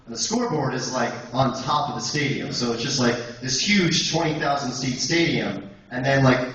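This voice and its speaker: A man's voice: medium pitch, normal speed, fairly bright tone. A young man and guest speaker telling a long rambling story to a college audience, full of fillers and restarts. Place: college auditorium. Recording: echoey hall, distant dull sound, faint noise.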